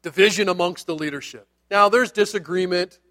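Guy preaching a sermon, kinda high voice, chatty and joking around. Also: fairly quick, bright, forceful tone. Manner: conversational, jokey preaching with asides. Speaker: pastor.

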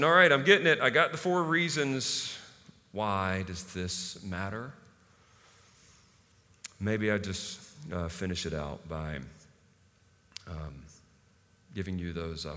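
A man's voice: deep voice, bright, forceful tone. A man preaching a sermon as pastor in a casual, conversational way, with frequent fillers. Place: church hall. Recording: long hall reverb.

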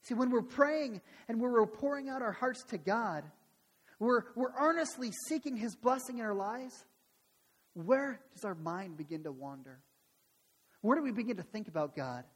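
A man's voice: very high voice, lively intonation, moderate pace, in a large hall. A male pastor preaching a sermon and praying, earnest, with frequent restarts and repeated words.

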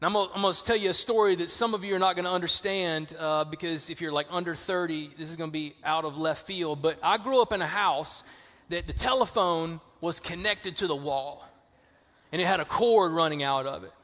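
Bright-voiced Southern pastor preaching. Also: male voice, fairly high pitch, brisk, in a large hall. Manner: storytelling, casual and lively. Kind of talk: sermon.

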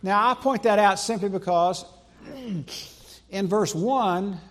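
A man preaching a sermon in a church sanctuary, emphatic, with slow deliberate pauses and repetition for stress. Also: high voice, fairly bright tone. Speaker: pastor.

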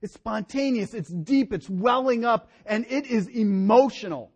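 A middle-aged male pastor preaching a sermon in an animated way, his voice rising and dropping for emphasis. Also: high-pitched, a little slow, breathy edge.

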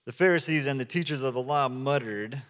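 A man's voice: mid-range voice, fairly quick, a bit bright. A man, a pastor, preaching a sermon in a conversational storytelling manner, acting out quotes as he goes. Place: church sanctuary. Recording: long hall reverb.

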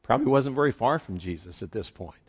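A man's voice: mid-range voice, fast talker, husky. Conversational male pastor preaching. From eastern United States. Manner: conversational, animated storytelling. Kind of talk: sermon. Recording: dull lo-fi recording.

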